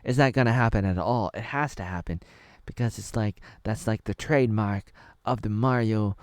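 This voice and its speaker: A man in his thirties from Oregon muses his way through a casual reaction video, circling back and restarting as he thinks aloud. His voice sits fairly low and sounds close and dry. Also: moderate pace, no room sound. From Oregon, USA. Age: 30s. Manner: rambling, thinking aloud with many fillers and restarts. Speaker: video creator reacting to a trailer.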